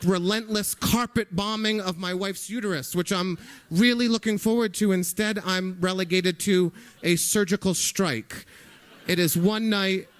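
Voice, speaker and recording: A man's voice: high-pitched, fairly bright tone. A middle-aged man telling a first-person story live on stage into a microphone, with conversational delivery and dry comic timing. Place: music hall stage before a live audience.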